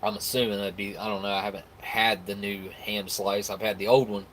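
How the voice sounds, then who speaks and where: A man from the States talks in a relaxed, rambling way as he hosts a live stream, answering viewer comments. His voice sits a little low, and a faint hum of room noise runs underneath. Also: fairly quick. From United States. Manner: rambling, easygoing, with frequent restarts and laughs. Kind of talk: casual chat reacting to viewer comments.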